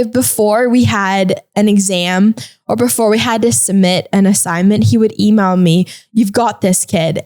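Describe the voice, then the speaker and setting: A young woman hosting a faith-based podcast, telling a personal story in a chatty, animated way with lots of fillers. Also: fairly high pitch. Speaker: podcast host.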